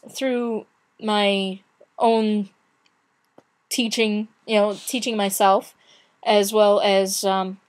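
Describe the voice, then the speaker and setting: A young woman chatting casually in a video blog, retelling her day with many restarts and acted-out quotes. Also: mid-range voice. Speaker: vlogger. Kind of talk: casual chat.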